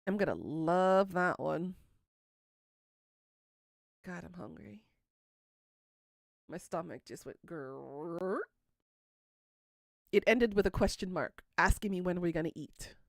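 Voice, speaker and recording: Woman, thirties, livestream host, teasing, chatty, unhurried, dry sound. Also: fairly low pitch, lively intonation, vocal fry, dry recording. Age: 30s. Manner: teasing, chatty, answering chat aloud. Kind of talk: casual chat with live viewers.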